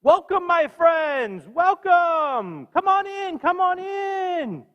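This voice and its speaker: Teacher putting on an effusive old patriarch, pitched well up, in a reverberant hall. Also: male voice, sing-song, slow pace, dull audio, heavily acted. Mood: welcoming. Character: old male patriarch greeting guests.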